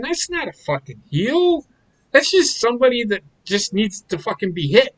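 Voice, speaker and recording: High, bright-voiced ranting man. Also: big pitch swings, normal speed, poor audio. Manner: ranting, profane, heated. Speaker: podcast co-host. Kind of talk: casual live watch-along chat.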